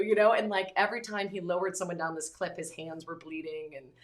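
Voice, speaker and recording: A woman hosting a casual podcast chat, telling stories with animated acted-out quotes. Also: lowish voice, fairly quick. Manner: animated storytelling, acting out quotes. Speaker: podcast host. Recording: roomy echo.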